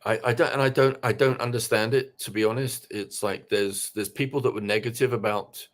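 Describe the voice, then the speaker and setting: Hesitant, halting man of middle pitch. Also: fairly even intonation. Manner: hesitant, halting, many restarts. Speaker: podcast co-host. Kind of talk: casual chat.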